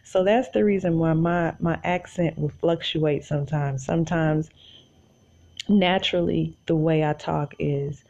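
A woman's voice: low-pitched, fairly even intonation, unhurried, creaky, darkish tone, dull audio. A woman from Tulsa with an Oklahoma accent, chatting casually to her podcast listeners from her bed and calling them y'all. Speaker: podcast host. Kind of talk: casual solo monologue.

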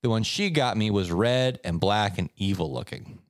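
Man, podcast co-host, animated storytelling, swooping pitch, dry close sound. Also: moderate pace, no echo. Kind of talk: casual chat, reading stories aloud.

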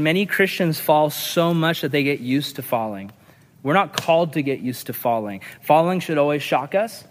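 A man's voice: a little high, big-room sound, slight background noise. A male pastor giving a conversational, earnest sermon, repeating lines for emphasis.

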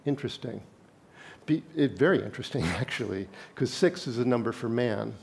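A man at a middle pitch preaching to his congregation. He talks to them plainly and conversationally, breaks off to read scripture aloud, and stops now and then to quiz the room. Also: expressive, brisk, vocal fry. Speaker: pastor. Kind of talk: sermon.

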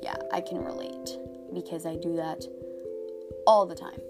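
A woman's voice: fairly low pitch, steady tone, a little slow, music in the background. A teenage girl hosting a podcast, talking in a chatty, exaggerated comedic monologue full of "like". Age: teens. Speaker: podcast host.

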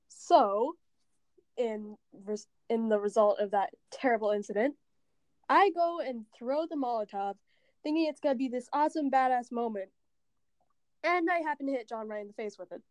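High-voiced young woman telling game stories. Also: moderate pace, dry recording. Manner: animated storyteller who acts out quotes. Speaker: podcast co-host. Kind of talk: casual chat about a video game. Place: at home.

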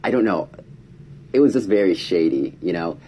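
A man's voice: deep voice, expressive, normal speed, mellow, slight background noise. A man telling a casual story to camera, chatty, acting out quoted lines in a raised voice. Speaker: vlogger.

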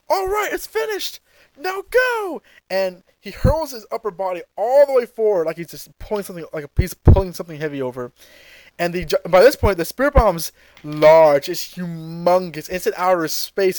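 A man co-hosting a podcast, casually retelling a fight scene with lots of fillers and quick acted-out lines. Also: sits high, a little mellow, dry recording. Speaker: podcast co-host. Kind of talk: casual episode recap.

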